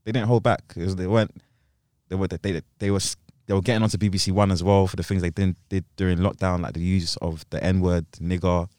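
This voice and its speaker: Deep-voiced young man, quick casual chat. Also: flat delivery, a little mellow, dry recording. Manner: laid-back, slangy, trails off and restarts. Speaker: podcast co-host.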